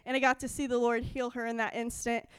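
A young adult woman giving an excited, animated testimony in a church service, acting out her own quoted dialogue. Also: fairly high pitch, fast talker, smooth, no room sound. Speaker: church speaker.

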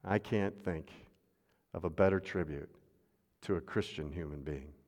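A man preaching a sermon as pastor, swinging from loud refrains to hushed asides and calling on the congregation to repeat after him. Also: deep voice, unhurried. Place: church sanctuary. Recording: long hall reverb.

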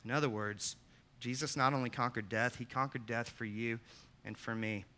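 A man, the pastor, preaching a sermon with earnest emphasis, putting direct questions to the congregation and rising to loud, emphatic peaks. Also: mid-range voice, steady tone, moderate pace. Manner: asks the listeners direct questions.

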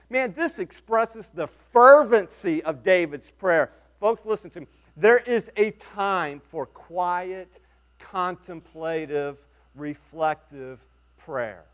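A man preaching a sermon as pastor, earnest and emphatic, with dramatic pauses. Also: high voice, animated, a bit bright.

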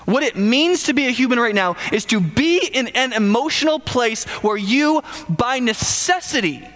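A man's voice: very high voice, animated, normal speed, a bit bright, long reverb tail. A man preaching a sermon in a conversational way, often stammering and restarting and putting questions to the listeners.

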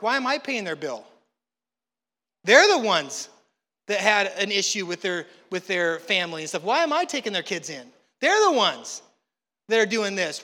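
A man preaching a sermon, telling stories in a lively way and acting out the voices of the people in them. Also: sits high, big-room sound. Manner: animated storytelling, acts out quotes. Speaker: pastor.

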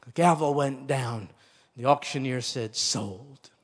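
A man preaching a sermon, telling a story slowly and dramatically, building to loud emphasis. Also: medium pitch. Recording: long hall reverb.

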